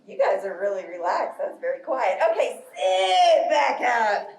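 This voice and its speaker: A woman guides children through yoga poses in a bright, coaxing voice that sits high and moves at an unhurried pace. She is recorded from a distance in an echoey library room. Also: sing-song. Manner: cheerful, coaxing instructions. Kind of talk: live kids' yoga story class.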